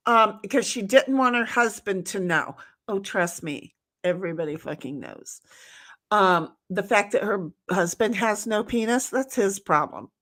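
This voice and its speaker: Bright-voiced woman on a home stream, swears a lot, tells wild stories. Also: mid-range voice, a little slow. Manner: blunt, profane, animated storyteller. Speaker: co-host of a live-stream talk show. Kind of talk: casual chat, storytelling. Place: home, at a computer.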